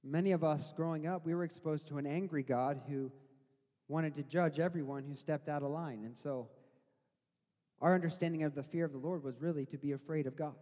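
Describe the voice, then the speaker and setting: A man with a notably high voice delivers a sermon. He talks in a loose, conversational way, then slows down and builds to loud, emphatic lines. His voice rings out with a long reverb from the hall. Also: steady tone. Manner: conversational preaching that swells to loud, slow emphatic quotes. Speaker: preacher.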